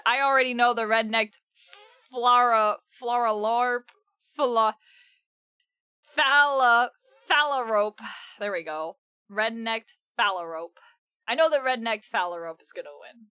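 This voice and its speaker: A woman's voice: on the high side, sharp tone, smooth, no echo, clean studio sound. A woman streamer reacting in casual live-stream commentary, swearing a lot and breaking into laughter.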